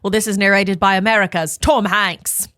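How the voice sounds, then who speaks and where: A young woman co-hosting a podcast in a studio, telling stories in a lively, animated way and slipping into quoted voices. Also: medium pitch, moderate pace, no room sound. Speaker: podcast co-host. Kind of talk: casual chat. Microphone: studio mic.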